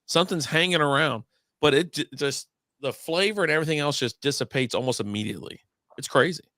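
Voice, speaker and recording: Guy rambling on a beer stream, bright voice, swears a lot, dry close sound. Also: on the high side, quick pace, dry recording. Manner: rambling storyteller, swears freely, laughs at his own stories. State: recovering from illness. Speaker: co-host of a beer and sports stream. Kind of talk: casual chat.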